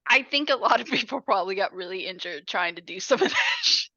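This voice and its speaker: Lively bright woman on a dull mic. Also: medium pitch, fairly quick, dry recording. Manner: chiming in, laughing, adds details. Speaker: podcast co-host. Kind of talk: casual movie recap chat.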